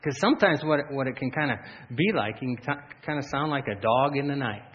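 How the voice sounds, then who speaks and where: A man preaching a sermon as pastor, telling stories animatedly with frequent laughs and loud shouted bursts. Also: medium pitch, lively intonation, fairly quick. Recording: dull lo-fi sound, faint room ambience.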